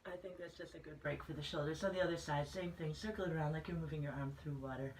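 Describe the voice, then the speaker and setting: A woman fitness instructor talks a class through a plank workout in calm, steady cues and keeps reminding everyone to breathe. Her voice sits a little low. She is picked up from some distance in a roomy, echoing space. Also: fast, a little hiss or hum. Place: fitness center room. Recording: echoey room from a distance.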